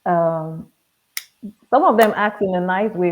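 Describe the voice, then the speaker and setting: A Nigerian-accented woman with a low, gravelly voice tells stories in a relaxed, wry way, mimicking what others say to her. The sound is thin and tinny, much like a phone line. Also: measured pace. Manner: relaxed, wry, acts out others' lines in quotes. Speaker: guest, pharmacist. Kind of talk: conversational interview storytelling.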